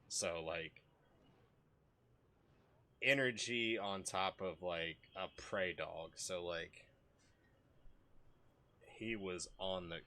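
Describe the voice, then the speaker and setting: A man's voice: low voice, sharp tone. A man streaming casual commentary, rambling and profane with many restarts.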